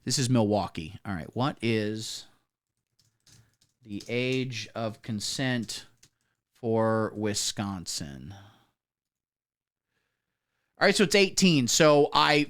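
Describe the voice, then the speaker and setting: A man's voice: fairly high pitch, a bit bright. A man hosting a comedy livestream, riffing with crude, profane, mocking commentary. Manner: profane, rambling, mocking riffs.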